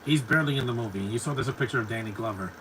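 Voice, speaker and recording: A man's voice: medium pitch, very fast, a bit bright, poor audio. This is a man with an ordinary mid-range voice talking casually over a film as it plays. He rambles and restarts often, repeating words before he lands on a point. A faint background noise sits under the recording. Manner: rambling, stumbles and repeats words, chuckles to himself. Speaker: movie commentator. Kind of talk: casual live movie commentary.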